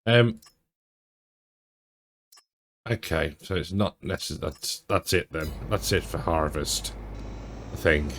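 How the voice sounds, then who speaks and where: Casting note: male gamer, low voice, unhurried, muttering through a farming session over faint engine hum. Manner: relaxed, thinks aloud, chuckles to himself. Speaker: game streamer. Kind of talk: casual let's-play commentary.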